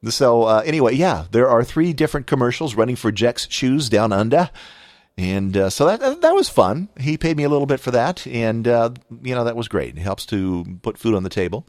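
A man's voice: medium pitch, big pitch swings, normal speed, a little mellow, no echo, clean studio sound. A middle-aged man with a Southern California accent hosting a podcast, chatting casually in a rambling, folksy way with plenty of restarts. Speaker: podcast host. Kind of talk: casual personal chat with ad reads.

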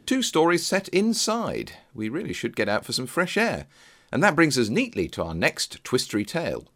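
A man's voice: on the high side, huge pitch swings, normal speed, fairly bright tone, a little hiss or hum. Wry man linking comedy sketches. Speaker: podcast host narrator. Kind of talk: scripted narration linking sketches.

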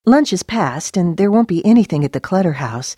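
A woman's voice: fairly low pitch, lively intonation, fairly quick, dark tone, slightly rough, dry recording, studio quality. A woman voicing a nervous housewife who stumbles over her words and hurries along. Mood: eager.

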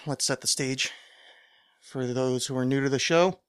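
A man's voice: mid-range voice, normal speed, pauses often, clean tone, no room sound, clean studio sound. A man hosting his own podcast, rambling through a casual monologue, interrupting himself and poking fun at his own ideas. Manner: rambling, self-deprecating, digressive. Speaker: podcast host.

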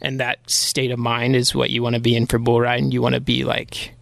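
Man, gravelly, dry sound, rambling casual storyteller, podcast guest. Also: medium pitch, monotone, a little fast, fairly bright tone, dry recording. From Pennsylvania. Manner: rambling, heavy use of filler "like". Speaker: podcast guest, bull rider.

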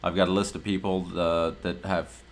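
A man's voice: low-pitched, level tone, normal speed. A male podcast host from Ohio, ranting in a brash, profane, mock-indignant way in a casual comedic monologue.

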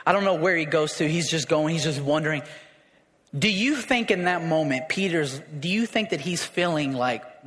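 Brief: male preacher, high voice, chatty sermon delivery with emphatic swells, long hall echo. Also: animated, moderate pace, a bit bright. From raised in a city.

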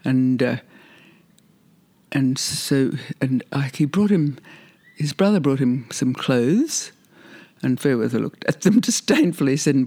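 A man's voice: mid-range voice, lively intonation, slow pace, warm tone. An older man being interviewed, reminiscing in a rambling, hesitant way with frequent laughs. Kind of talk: reminiscing conversation.

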